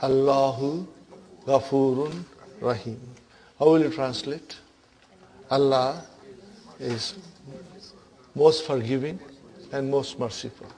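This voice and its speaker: A man's voice: mid-range voice, slow, pauses often, darkish tone. A man teaching an Arabic grammar class, quizzing his students with repeated questions.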